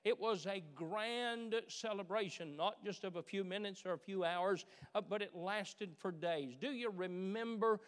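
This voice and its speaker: A man preaching a sermon as pastor, animated, with many filler uhs and repeated starts, asking the congregation questions. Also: high-pitched, smooth. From Kentucky, USA. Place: church sanctuary. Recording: church hall reverb.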